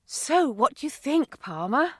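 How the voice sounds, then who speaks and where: A woman's voice: high-pitched, sing-song, unhurried, no room sound, clean studio sound, pitched above the performer's own voice. A woman reading an earnest caring mother. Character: warm caring mother of many.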